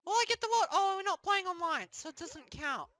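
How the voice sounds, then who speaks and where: A squeaky, whiny Link. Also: expressive, a little fast, no room sound, clean studio sound, heavily acted. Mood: grumbling. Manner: whiny, yelps and shouts in panic. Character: squeaky young male plush hero, whiny and easily panicked. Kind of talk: comedic plush puppet gaming skit.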